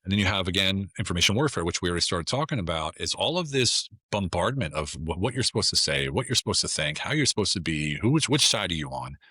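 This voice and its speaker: A man's voice: low-pitched, very animated, fast, few pauses, bright, forceful tone, slightly rough, dry recording, studio quality. A middle-aged American man, a guest on a casual podcast, talking in a blunt, emphatic way and often repeating himself. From United States.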